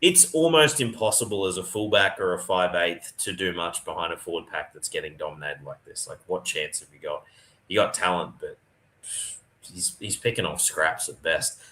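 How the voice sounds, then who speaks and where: A man's voice: sits low, normal speed, bright, forceful tone. A man hosting a casual sports podcast, chatty and matey as he gives his analysis. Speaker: podcast host.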